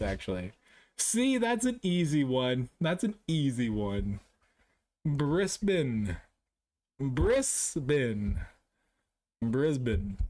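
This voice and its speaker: A young man chats casually on a live stream, his delivery slow and easygoing. He pokes fun at himself and keeps breaking into laughter as he plays along with his viewers. His voice sits at a middle pitch. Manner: jokey, self-mocking, laughs often. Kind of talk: casual live-stream chat while playing a guessing game.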